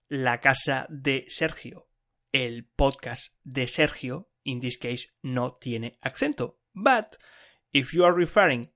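A man hosting a beginner Spanish podcast, explaining grammar in a lively, emphatic way and repeating key words for stress. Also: a little high. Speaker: Spanish teacher and podcast host. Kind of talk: bilingual language lesson.

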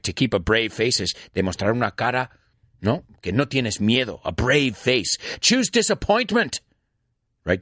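Male podcast teacher, animated and playful, lively pitch, dry close recording. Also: no room sound. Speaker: language teacher and podcast host. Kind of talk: podcast lesson, explaining words.

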